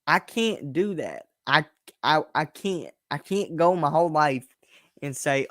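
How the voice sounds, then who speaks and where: Slightly high and expressive, though a little slow, a young host talks through a casual monologue on his own show. His style is blunt and forceful, with plenty of swearing and frequent restarts; the studio sound is clean, with no room sound.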